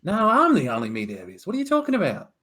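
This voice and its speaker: A man's voice: on the high side, big pitch swings, moderate pace, darkish tone, husky, voice pushed up. A man voicing a suspicious male rabbitfolk doppelganger in a tabletop game.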